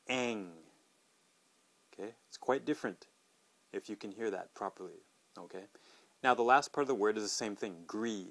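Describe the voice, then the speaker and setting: A middle-aged man hosting a podcast English pronunciation lesson, modeling words slowly and clearly and asking listeners to repeat after him. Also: lowish voice, fairly bright tone.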